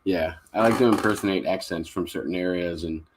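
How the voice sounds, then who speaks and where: A young man from Kentucky hosting a casual live stream from home, chatting loosely with plenty of fillers and quick laughs. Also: deep voice, background noise. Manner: easygoing, rambling with frequent fillers and laughs. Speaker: livestream host.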